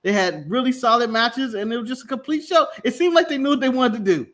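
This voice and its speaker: A man co-hosting a casual wrestling recap podcast, laughing and swearing through animated rants. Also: very high-pitched, quick pace. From United States. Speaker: podcast co-host.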